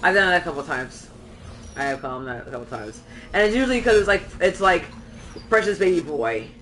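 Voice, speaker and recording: Bright-voiced woman chatting casually on stream. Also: on the low side, sing-song, fast talker, slight background noise, poor audio. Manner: rambling, chatty, swears casually. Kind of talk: casual gameplay chat.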